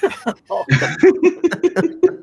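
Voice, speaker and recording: A man's voice: very high-pitched, sing-song, very slow, gravelly. A man hosting a casual live stream, reading viewer comments aloud and laughing often. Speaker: host of a live art hangout.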